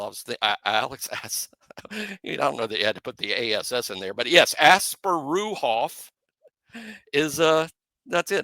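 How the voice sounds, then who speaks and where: A man co-hosting a casual sports podcast, playful and self-mocking, slowly spelling out names. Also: mid-range voice, bright, forceful tone, no room sound. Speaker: podcast co-host.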